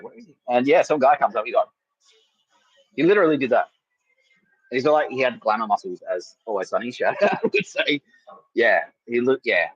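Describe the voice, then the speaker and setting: A man hosting a comedy podcast, telling a rambling story with lots of swearing, laughter and loudly acted-out quotes. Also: medium pitch, slightly rough, dry recording, highs cut off. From Australia. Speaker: podcast host.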